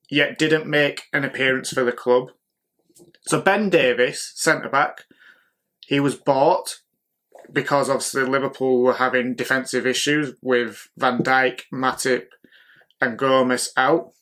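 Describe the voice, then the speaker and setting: A man runs through his football opinions in a relaxed solo talk, voice sitting at an ordinary middle pitch. He is opinionated and keeps firing rhetorical questions at his listeners. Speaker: football podcast host.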